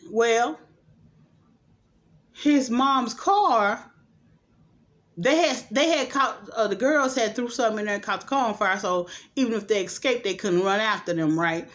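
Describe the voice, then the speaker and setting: A woman casually retelling a movie plot for her vlog, rambling, laughing often and acting out the characters' lines. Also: a little high. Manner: acts out quoted lines animatedly. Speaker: movie reviewer vlogger.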